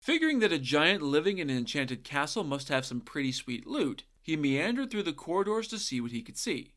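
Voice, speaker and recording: A man narrating an old folktale with a voice that swoops up and down in a lively way. His tone is irreverent and cheeky, full of swearing and sarcastic side comments. His voice sits a bit higher than most men's. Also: brisk. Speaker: podcast host and storyteller.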